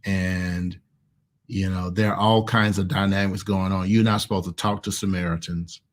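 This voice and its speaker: Low-voiced Southern pastor, emphatic repetition. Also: male voice, flat delivery, normal speed. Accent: American Southern. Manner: emphatic, repeats key words. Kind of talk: conversational online sermon.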